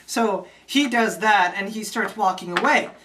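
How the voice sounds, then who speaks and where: An irreverent comic storyteller recaps a film in a loose, chatty way, swearing freely and tossing in jokey asides. The voice sits at a plain middle pitch. A faint hiss and occasional clicks sit under the recording. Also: unhurried, far from the mic. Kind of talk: casual comedic film recap.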